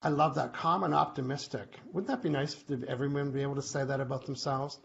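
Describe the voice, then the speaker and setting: A man hosting a live online question-and-answer show, chatty and animated, often acting out short quoted exchanges. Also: mid-range voice, quick pace, creaky, few pauses. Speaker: host. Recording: muffled live-stream audio with faint hiss.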